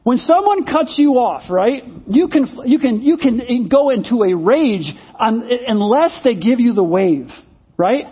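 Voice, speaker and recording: A man preaches with a very high, husky voice. He talks conversationally, asks his listeners questions and repeats words often. The sermon audio sounds dull and lo-fi. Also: expressive, measured pace. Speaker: pastor.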